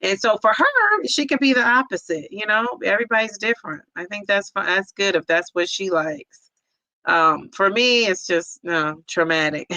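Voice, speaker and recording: Female host, bright tone, dry recording, emotional and conversational while reading viewer chat. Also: medium pitch, animated, normal speed, no echo, low-quality recording. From United States. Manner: emotional, empathetic, many fillers. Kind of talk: casual livestream chat.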